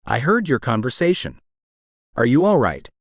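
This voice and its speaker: Audiobook figure: a warm-hearted, encouraging young woman, read by a male narrator, gentle and animated, dry sound. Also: mid-range voice, normal speed, no echo. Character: kind, supportive young woman.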